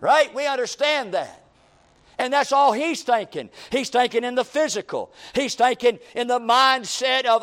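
High-voiced preacher man. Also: normal speed, a bit bright. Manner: preaching with rising emphasis and repeated questions. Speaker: pastor. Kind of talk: sermon.

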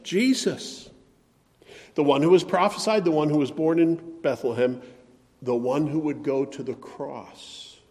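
A man preaching a sermon as pastor, measured and deliberate, dropping to quiet phrases and rising to emphatic ones. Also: medium pitch, big-room sound.

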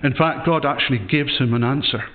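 A man's voice: mid-range voice, a little fast. A man preaching a sermon in a church, in an earnest, questioning way with frequent restarts. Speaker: pastor. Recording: tinny phone-like sound.

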